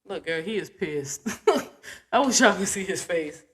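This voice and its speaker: A woman's voice: lowish voice, animated, measured pace, husky. A woman in her forties, hosting a casual livestream, chatting with viewers and playfully coaxing her dog. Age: 40s. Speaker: livestream host.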